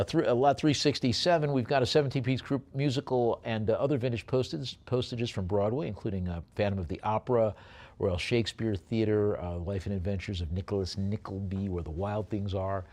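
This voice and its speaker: An older man with a New York accent running a live auction, calling bids quickly and dropping joking asides between lots. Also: lowish voice. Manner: chatty, joking asides between rapid bid calls.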